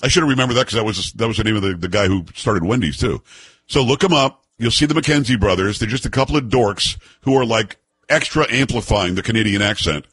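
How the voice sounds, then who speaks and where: A man hosting a talk show in casual, joking banter, animated and teasing. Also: on the low side, fast talker, slightly rough, dry recording.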